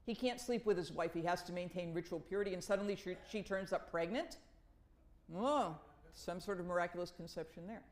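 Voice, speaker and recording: A woman's voice: on the low side, a little fast, darkish tone, echoey room, rough recording. A woman from Massachusetts speaking as a professor on a panel, telling wry stories with emphatic repetition. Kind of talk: conversational academic talk.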